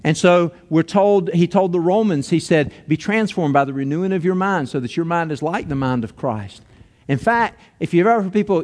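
A man's voice: on the high side, expressive, normal speed, darkish tone, big-room sound. A man preaching a conversational sermon, acting out quotes and asides. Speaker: pastor.

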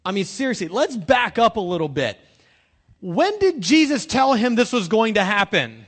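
A man's voice: sits high, very animated, normal speed, a bit bright. A man pastor giving a conversational, self-deprecating sermon, dropping into slang and casual asides.

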